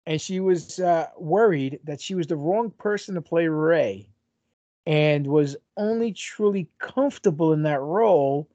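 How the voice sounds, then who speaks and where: A man's voice: fairly high pitch, a little slow, mellow, dry recording. A man co-hosting a podcast in crude casual banter, joking and teasing his co-host. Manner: joking, teasing, laughs often. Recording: dry, dull lo-fi sound.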